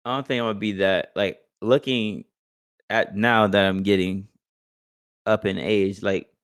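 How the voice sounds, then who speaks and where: A young man with a fairly low voice talks casually on a podcast. He is loose and profane, and he keeps slipping into other people's voices to act out what they said. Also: steady tone, a little slow, clear, resonant tone, dry recording, studio quality. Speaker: podcast co-host. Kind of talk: casual chat.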